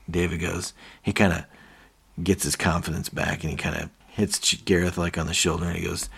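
Husky man animatedly retelling a TV scene. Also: deep voice, moderate pace. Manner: animated retelling, quoting characters with rising energy. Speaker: podcast co-host. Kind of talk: casual chat recapping a TV episode.

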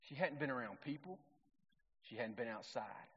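A middle-aged man, preaching a sermon in a relaxed, conversational storytelling way. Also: mid-range voice, moderate pace, slightly rough. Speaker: pastor. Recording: long reverb, dull lo-fi sound.

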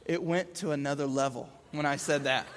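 A man preaching a sermon, an animated storyteller who acts out scenes as he talks. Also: fairly high pitch, brisk. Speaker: pastor. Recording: long hall reverb.

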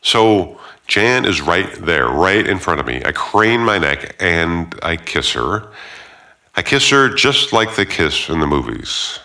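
A man narrating a first-person story, sardonic and profane, swinging between hushed reflection and heated rants. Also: sits low, big pitch swings, slow. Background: loud guitar music.

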